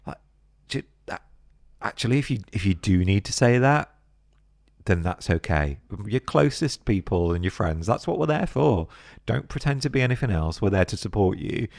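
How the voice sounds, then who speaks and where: A middle-aged man with a British accent talks through a relaxed interview. His voice is very deep with a gravelly edge, and he slips into playful impressions of other people as he tells his stories. The recording is dry and close. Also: normal speed, no echo. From Britain. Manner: animated, acts out voices of others mid-story. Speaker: podcast guest, business co-founder. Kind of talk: casual interview chat.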